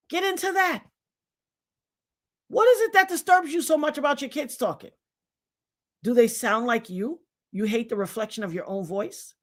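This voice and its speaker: A middle-aged woman speaks in a slightly high voice and lectures her viewers. She delivers a blunt, emphatic monologue in a preachy, direct manner. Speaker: vlogger. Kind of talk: casual commentary monologue.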